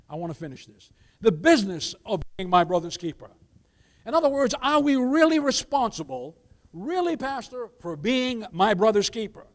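A man pastor preaching an emphatic sermon, quoting scripture, calling the congregation "beloved" and asking for amens. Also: sits high. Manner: addresses listeners as "beloved", keeps asking for amens.

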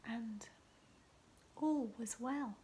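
Slow, high-voiced woman telling children a story. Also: slight background noise. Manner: drops often into a hushed whisper for effect; asks the listener questions, slow and expressive. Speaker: children's liturgy leader.

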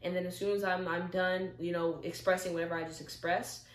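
A young woman vlogging from a chair at home, telling a story with lots of animated acted-out dialogue. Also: fairly low pitch, a little fast, reverberant. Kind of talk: casual talk to camera.

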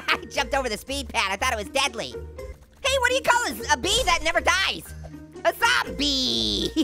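A hyper talking orange chatters through a gaming session with a high, squeaky voice. The voice has a gravelly crackle and a bright, sharp edge. He giggles nonstop at his own cheesy jokes. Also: heavily acted. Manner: giggly, pun-telling, constantly laughing at own jokes. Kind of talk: gaming let's-play commentary.

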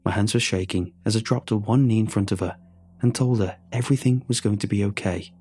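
A man telling a scripted horror story in a measured, tense way. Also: on the low side, dark tone, slightly rough.

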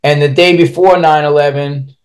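A man's voice: a little high, fairly even intonation, moderate pace. A man speaking as a podcast guest, telling a personal story candidly and bluntly, swearing freely and restarting his sentences as he rambles on.

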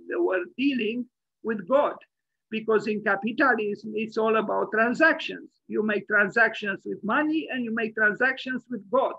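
Gravelly, bright-voiced man lecturing online. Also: high-pitched, dry recording, lo-fi sound. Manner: rambling and opinionated, many fillers. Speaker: architect lecturer and host.

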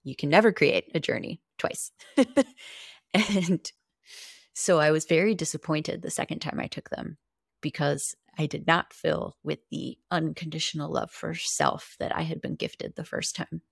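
A woman's voice: sits low, fairly even intonation, unhurried, creaky, breathy edge, dry recording, studio quality. A woman guest on a podcast, earnestly and candidly telling a personal story, with casual swearing.

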